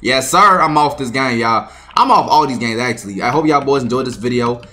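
A young man giving loud, slangy, trash-talking commentary while playing a basketball video game. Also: mid-range voice, lively intonation, fairly quick. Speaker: gaming YouTuber. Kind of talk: gameplay commentary.

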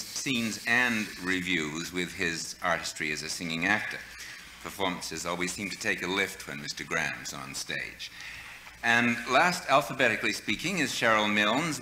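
A man's voice: sits low, bright, forceful tone, echoey room, a little hiss or hum, rough recording. A man hosting a radio talk show, introducing guests and reading listener letters in a formal, courtly announcer manner. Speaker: radio host. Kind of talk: scripted broadcast introductions.

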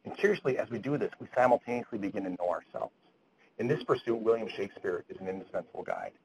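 A man's voice: on the low side, sing-song, fast, vocal fry, slight background noise, low-quality recording. Earnest man lecturing to doctors. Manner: earnest, quoting literature, many restarts. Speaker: lecturer at grand rounds. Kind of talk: lecture to physicians. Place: lecture hall.

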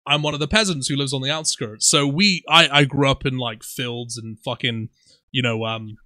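A podcast co-host in his twenties from Somerset, England, speaks with a West Country accent, animatedly telling stories in a casual chat, swearing freely and laughing often. His mid-range voice runs at normal speed in a studio-quality recording with no room sound.

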